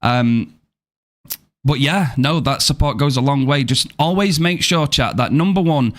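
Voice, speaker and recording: A man's voice: mid-range voice, unhurried, fairly bright tone. Upbeat man chatting on a game stream. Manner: upbeat, thanks viewers and reads chat aloud. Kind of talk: casual live-stream chat.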